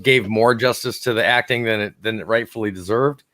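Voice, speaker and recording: A man's voice: fairly low pitch, fairly quick, pushed and bright. A man co-hosting a podcast, leading the talk casually and laughing often. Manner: laughs often, steers the discussion. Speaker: podcast co-host. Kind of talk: casual comedic chat.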